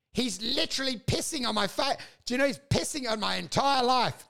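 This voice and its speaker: A man's voice: sits high, very animated, normal speed, creaky, a bit bright. A man, ranting and laughing as he co-hosts a casual podcast chat, swearing often and acting out the people he quotes. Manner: ranting, crude, laughing, acts out quoted voices. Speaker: podcast co-host.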